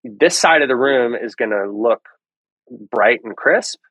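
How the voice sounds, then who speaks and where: A man guest on a podcast, explaining in a relaxed way with frequent ums and restarts. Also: medium pitch, unhurried, no room sound, low-quality recording. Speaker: lighting guest. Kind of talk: casual podcast interview.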